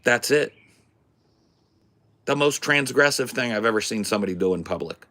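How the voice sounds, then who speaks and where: A man telling a story in a casual, animated, profane way as a podcast host. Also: mid-range voice, moderate pace. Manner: animated, profane, swears freely.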